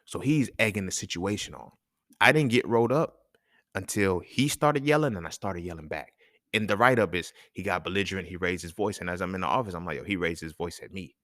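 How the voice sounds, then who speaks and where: Low-voiced man on a profane rant. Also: fairly quick, dry recording, clean studio sound. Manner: animated, profane, conversational street slang. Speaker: podcast host. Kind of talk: solo monologue rant.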